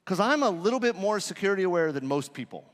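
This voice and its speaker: A man speaks at a conference in a fairly high voice that swings up and down a lot, telling stories with jokes and a lot of swearing. The sound carries a long reverb from a large hall. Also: fast talker. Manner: profane, joking, animated storytelling. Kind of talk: live conference talk.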